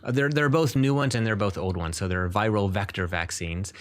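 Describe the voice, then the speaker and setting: A man's voice: lowish voice, brisk. A man speaking as a neurologist guest in an interview. He explains at length and in earnest, often restarting his sentences.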